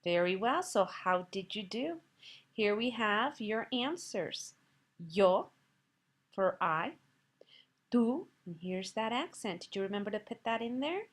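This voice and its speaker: A woman's voice: mid-range voice, very animated, a little slow. Patient woman teaching a recorded lesson. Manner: patient, encouraging, asks quiz questions to the listener; pronounces Spanish words carefully between English explanations. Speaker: Spanish teacher. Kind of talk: recorded slide lesson narration.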